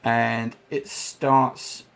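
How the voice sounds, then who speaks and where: A man running a tabletop game as dungeon master, describing scenes slowly and adding sound effects. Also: medium pitch, level tone, vocal fry, a bit bright.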